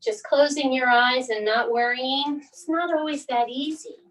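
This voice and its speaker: A woman in her thirties leading a children's bedtime yoga lesson at home, with soft, coaxing instructions. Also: sits high, unhurried, distant mic, low-quality recording. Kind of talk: gentle kids' yoga lesson and read-aloud.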